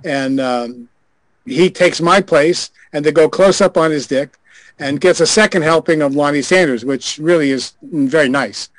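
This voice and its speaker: A man's voice: a little high, normal speed, dry recording, poor audio. An older man, a guest on a group call, telling a frank show-business story with wry chuckles. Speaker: guest, former adult film director. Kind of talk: anecdote in a group video call.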